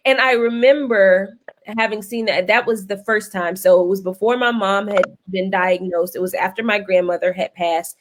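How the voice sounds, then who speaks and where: A woman guest host in casual panel talk, an animated storyteller with a folksy lilt. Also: medium pitch, normal speed, a little hiss or hum. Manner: animated storyteller, laughs often, folksy phrasing.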